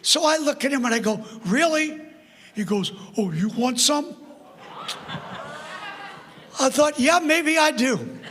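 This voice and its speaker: Older man, guest preacher, high bright voice, storytelling, long church reverb. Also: a little hiss or hum. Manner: animated, laughing storyteller. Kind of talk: storytelling sermon. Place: church sanctuary. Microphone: PA microphone.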